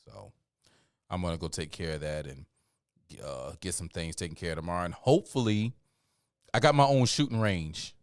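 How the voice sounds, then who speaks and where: Deep-voiced, tired livestream host. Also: male voice, moderate pace, pauses often, clean tone, dry recording, clean studio sound. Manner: preachy build-up then laid-back rambling; many fillers and shout-outs. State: tired, yawning. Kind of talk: casual livestream sign-off.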